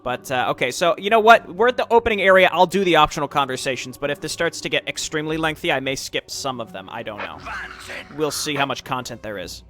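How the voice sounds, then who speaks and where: A man's voice: on the high side, animated, fast, fairly bright tone, faint music behind. A man reading game dialogue aloud and commenting casually with wry, profane asides. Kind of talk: let's play commentary with read-aloud dialogue.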